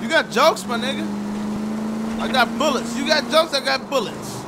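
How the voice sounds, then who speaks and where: A man giving loud, joking, profane commentary while playing a video game, trash-talking its characters. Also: very high-pitched, normal speed, heavy background noise. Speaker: gaming YouTuber. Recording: game audio playing underneath. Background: game music and sound.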